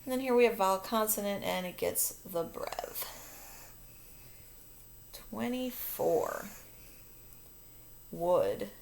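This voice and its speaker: A woman teacher calmly walking through a phonics lesson in a recorded video, explaining step by step. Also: medium pitch, slow, creaky, pauses often, a little hiss or hum. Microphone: recording her own video lesson.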